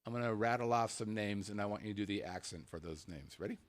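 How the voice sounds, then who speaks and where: A man's voice: on the low side, fast talker. A man hosting a casual talk show, rambling along and often stumbling and repeating words. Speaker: podcast host.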